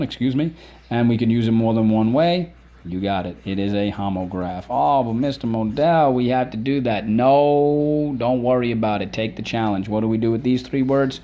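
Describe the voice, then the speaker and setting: Mellow-voiced man teaching a spelling lesson. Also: on the low side. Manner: drills words aloud, repeats them slowly and emphatically; encouraging, asks questions and praises.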